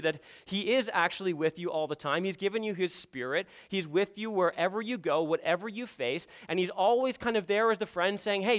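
A man's voice: fairly high pitch, a bit bright. A man preaching a sermon to his congregation in an earnest, emphatic way, often repeating "you see". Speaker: pastor.

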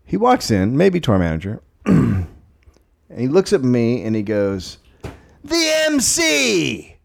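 A man's voice: medium pitch, very animated, measured pace, gravelly, warm tone. A middle-aged man co-hosting a casual comedy podcast, telling stories with acted-out quotes and plenty of swearing. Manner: storytelling, acts out quotes, swears. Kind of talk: casual chat.

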